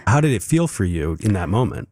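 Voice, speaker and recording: A man interviews a young musician, speaking in a low, steady voice with warm, encouraging affirmations. The sound is dry and close-miked. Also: fairly quick, no room sound. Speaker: interview host. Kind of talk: radio interview.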